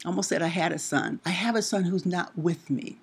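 A middle-aged woman delivers a heartfelt sermon in a husky voice that rises to forceful, emphatic peaks. She preaches with passion and speaks from personal experience. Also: fairly low pitch, a little fast. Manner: impassioned, rising to emphatic peaks.

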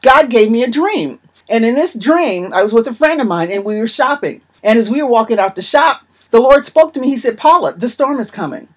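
Woman preacher, fairly high, breathy voice, emphatic and repetitive sermon delivery. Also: expressive, a little fast.

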